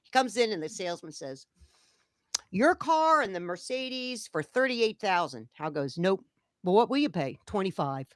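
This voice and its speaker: A woman's voice: medium pitch, sing-song, moderate pace, no room sound, clean studio sound. A woman co-hosting a casual chat, telling a story animatedly and acting out the dialogue of the people in it. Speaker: co-host.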